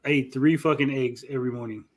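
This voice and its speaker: A man's voice: mid-range voice, fairly even intonation, quick pace, slight background noise. A man hosting a stream, cursing and mocking the video with his co-hosts. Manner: profane, mocking. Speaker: stream host. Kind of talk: crude casual banter.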